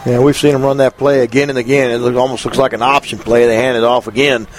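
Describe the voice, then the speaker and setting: A man giving color commentary on a football game, slow and relaxed, with many fillers and small chuckles. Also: medium pitch, slight background noise. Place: press box above the field.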